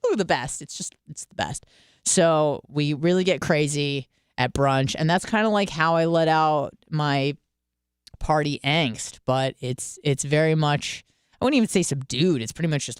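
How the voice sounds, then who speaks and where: A woman in her late twenties from Michigan, hosting a radio show and telling stories in a candid, swearing, lively way. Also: low voice, clean tone, dry recording, studio quality. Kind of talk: casual solo radio monologue.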